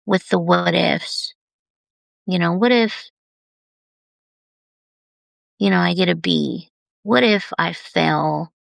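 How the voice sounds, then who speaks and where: Slow, gravelly-voiced woman confiding. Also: lowish voice, dry recording. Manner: emotional, unhurried, confiding. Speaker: artist sharing on a live video. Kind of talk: candid personal live stream.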